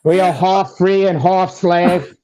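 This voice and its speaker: A man's voice: high voice, steady tone, takes it slowly, warm tone. A man co-hosting a casual podcast, joking bluntly and swearing a lot. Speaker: co-host.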